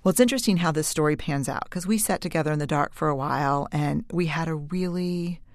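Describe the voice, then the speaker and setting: A woman in her forties, a researcher, telling a candid personal story in a talk, moving between brisk lines and slow, hushed phrases. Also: low voice, dry recording, studio quality.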